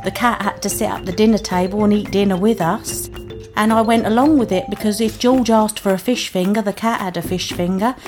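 British woman, mid-pitched, earnest first-person storyteller over music. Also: steady tone, fairly quick, a little mellow. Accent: British English. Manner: earnest, plain-spoken, emotional. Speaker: mother telling her story. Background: music underneath.

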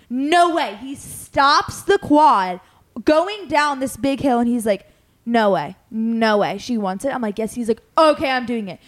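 Young female podcast host, slightly high-pitched, casual and animated storyteller. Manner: animated, acts out quotes, many "like" fillers.

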